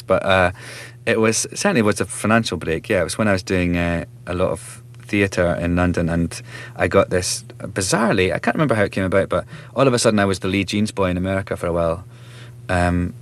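A man in his thirties with a Scottish accent, an actor chatting as an interview guest, self-mocking and quick to laugh. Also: sits low. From Scotland. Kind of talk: relaxed interview chat.

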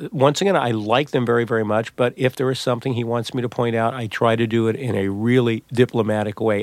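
A middle-aged man, a novelist and psychologist, telling stories in an interview with lively restarts and repeats. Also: mid-range voice, no room sound. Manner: animated storyteller, many restarts and repeats. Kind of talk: conversational interview.

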